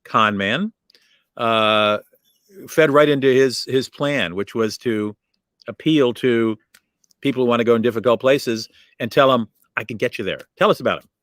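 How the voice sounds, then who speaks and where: A man hosting a radio interview, asking questions and recapping in a thoughtful, measured way. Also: mid-range voice, fairly bright tone, no room sound, clean studio sound. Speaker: radio show host.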